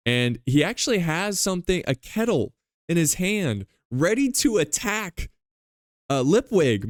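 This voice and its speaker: A podcast host talks through a book chapter in a loose, chatty way, retelling scenes with enthusiasm. His voice is smooth and clear, and the recording is close and dry. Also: mid-range voice, no room sound. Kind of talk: casual book-club recap.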